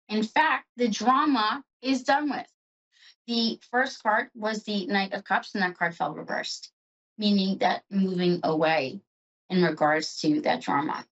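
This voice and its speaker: A woman's voice: mid-range voice, slightly rough, muffled recording. A woman hosting a psychic show, giving an emotional and chatty tarot reading.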